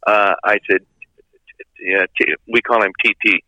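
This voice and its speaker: A man's voice: fairly even intonation, unhurried, sharp tone, no echo, poor audio. A man guesting on a radio show, telling loose stories and mimicking others. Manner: loose storyteller, mimics others in high voices. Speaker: rock singer guest. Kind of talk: casual interview chat.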